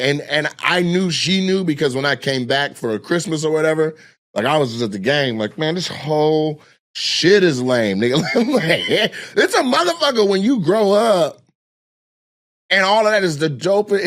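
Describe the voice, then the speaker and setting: A man from Washington State with a slightly high voice tells a story in casual chat. He is animated and profane, and he slips into other people's voices as he goes. Lively guest-comedian storytelling. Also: moderate pace.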